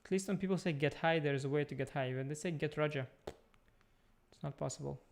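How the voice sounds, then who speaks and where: A man's voice: fairly high pitch, brisk, gravelly. A man chatting playfully with his viewers while setting up a chess stream at his computer, talking to them directly as he clicks around. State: tired, speaking softly at first. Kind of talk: casual live-stream chat. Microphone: desktop USB mic.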